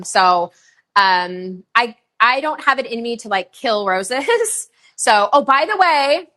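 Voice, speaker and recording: Bright, bubbly woman hosting a live sale. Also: a little high. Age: middle-aged. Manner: bubbly, chatty, gushing with fast countdowns. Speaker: live shopping host. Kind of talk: live online sales show.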